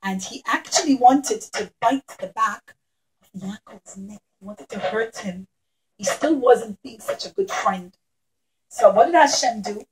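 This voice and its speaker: A woman telling a puppet show story to young children, animated and talking straight to them. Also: mid-range voice, unhurried, rough recording.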